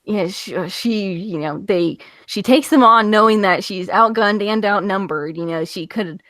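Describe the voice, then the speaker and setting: A woman's voice: medium pitch, normal speed, dry recording. Woman podcast cohost recapping stuff over a call, lots of um and you know, dry sound. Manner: animated retelling with filler words and acted quotes. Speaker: podcast co-host. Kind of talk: casual comic-book review chat. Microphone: online call.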